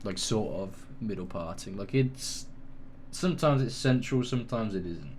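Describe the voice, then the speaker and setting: A man's voice: fairly low pitch, expressive, moderate pace, darkish tone, a little hiss or hum. A young man chatting casually on a stream at home, swearing a lot and cooing at his dog. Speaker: gaming stream co-host. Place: home room.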